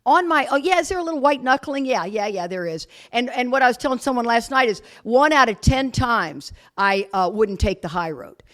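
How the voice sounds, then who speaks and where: A woman speaking to a live audience as a guest speaker, telling her story with blunt, self-mocking humor, laughing often and loudly acting out what people said. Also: on the high side, brisk, hardly any pauses. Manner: animated, laughs often, acts out quotes loudly. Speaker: guest speaker at a recovery retreat.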